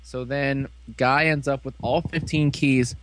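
A man casually recapping an episode for friends, animated and full of fillers, slipping into quick voices for the characters. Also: mid-range voice, no echo. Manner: animated storytelling, fillers and quick acted quotes. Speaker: fan reviewer recapping an episode.

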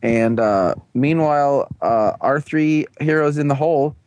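A man co-hosting a casual podcast, recapping an episode in a rambling, jokey way and acting out characters in quick quoted voices. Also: mid-range voice, darkish tone, dry recording. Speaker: podcast co-host.

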